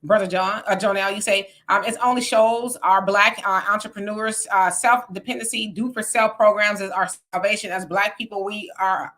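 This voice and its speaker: A woman with a bright, forward voice pitched a touch high hosts a casual live show. She greets viewers by name and reads their comments aloud, then answers them in a chatty, unhurried way. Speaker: livestream host reading viewer comments.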